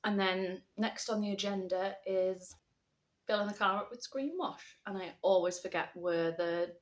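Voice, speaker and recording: A woman's voice: mid-range voice, normal speed. A woman from the UK chatting casually at home, rambling and often dropping to a murmur. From United Kingdom. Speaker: vlogger. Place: indoors at home. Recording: roomy, distant camera mic.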